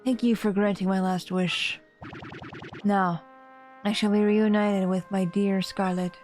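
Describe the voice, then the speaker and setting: A woman's voice: mid-range voice, little pitch movement, a little slow, a little mellow, faint music behind, lightly acted, poor audio. A woman reading as an old sea-captain bomb creature. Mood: solemn. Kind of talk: reading game dialogue aloud.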